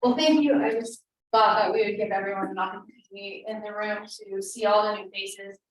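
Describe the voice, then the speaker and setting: A woman's voice: mid-range voice, steady tone, fairly quick, slight background noise. Woman speaking far off in an echoey room. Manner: casual, with frequent fillers. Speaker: meeting host, state program director. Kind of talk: meeting introductions and announcements.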